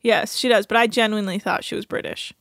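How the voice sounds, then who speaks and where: Female co-host, casual recap chatter, mid-pitched, dry studio sound. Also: steady tone, fast talker, creaky, fairly bright tone, dry recording. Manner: chatty, laughs often, quotes people in passing. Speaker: podcast co-host.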